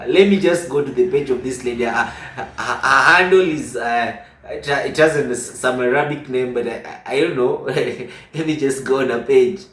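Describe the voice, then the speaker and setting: A man's voice: medium pitch, moderate pace, hardly any pauses, fairly bright tone. A man hosting a casual reaction video, reading comments aloud with stumbling restarts and chuckles. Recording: roomy echo, distant from the mic.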